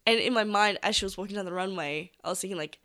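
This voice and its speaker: A man's voice: high voice, quick pace, pushed and bright. A man co-hosting a podcast in casual chat, gushing, giggly and playful. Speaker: podcast co-host.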